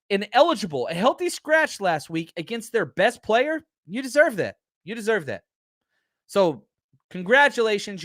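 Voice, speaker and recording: A man's voice: high-pitched, a bit bright, no room sound, studio quality. A man hosting a live sports podcast, ranting in a heated, emphatic way and repeating his points. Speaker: podcast host. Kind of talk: fired-up live show rant.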